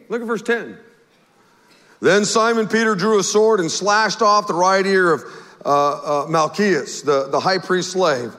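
Animated, folksy male pastor. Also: sits high. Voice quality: animated, folksy, stammering restarts. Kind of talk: sermon. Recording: long hall reverb.

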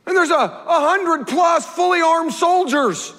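A male pastor preaching a sermon in an animated, folksy way, with stammered restarts. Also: extremely high pitch, unhurried. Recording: long hall reverb.

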